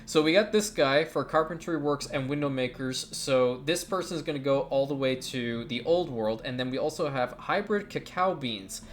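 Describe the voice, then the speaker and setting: A man hosting a gaming channel, giving casual, blunt let's-play commentary with occasional quick bursts of speech. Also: medium pitch, animated.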